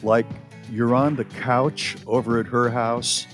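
A middle-aged man co-hosting a casual radio show, telling stories with lively jokes. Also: mid-range voice, slow, over music. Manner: animated, storytelling, mock voices for jokes. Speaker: co-host.

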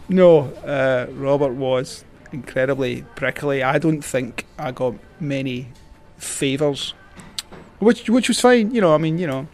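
A man's voice: medium pitch, a little slow, darkish tone, faint music behind. A Scottish man, a cycling journalist, telling stories as a guest, rambling with many fillers and restarts. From Scotland. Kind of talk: casual storytelling.

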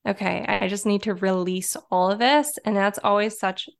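A woman with a Detroit accent, a guest in a relaxed podcast chat, talking loosely with lots of "like" and "um". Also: mid-range voice, normal speed, gravelly. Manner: relaxed, chatty, filler-heavy with frequent likes and ums. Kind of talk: casual chat.

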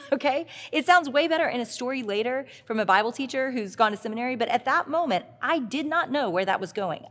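A woman's voice: a little high, fairly bright tone. A middle-aged woman speaking at a Christian leadership event, telling confessional stories and addressing the crowd directly. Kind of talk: conference talk. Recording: long hall reverb from a live talk.

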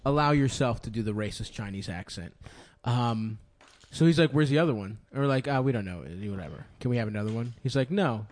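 A man's voice: mid-range voice, fairly quick, hardly any pauses. A man hosting a live podcast, telling a story with lots of swearing and laughter. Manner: profane, laughing, animated storytelling. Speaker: podcast host. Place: live show venue.

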